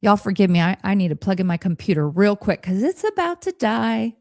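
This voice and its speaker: A woman's voice: mid-range voice, sing-song, fairly quick, darkish tone, dry recording, clean studio sound. A woman in her forties hosting a podcast, speaking to listeners in an earnest, encouraging coaching talk from a home office.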